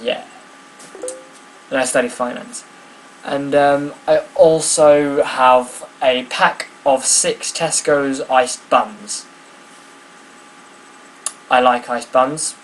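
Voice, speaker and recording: Brief: young male vlogger, mid-pitched, rambling chat, faint background noise. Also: fairly even intonation, very slow, long pauses, low-quality recording. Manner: rambling, self-mocking, lots of ums. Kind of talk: casual vlog chat.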